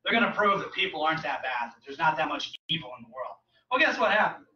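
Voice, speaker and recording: Bright-voiced man preaching in echoey church. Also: a little high, big pitch swings, fast talker. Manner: casual, joking preaching with mocking quoted voices. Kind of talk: sermon. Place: church sanctuary. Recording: roomy, distant, dull church recording.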